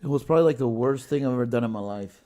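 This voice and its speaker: Dude hosting a podcast, rambling story, swears a ton, laughs as he goes, mid pitch. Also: rapid-fire, warm tone. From Washington State, US. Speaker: podcast host. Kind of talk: casual storytelling chat. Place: podcast studio with guests.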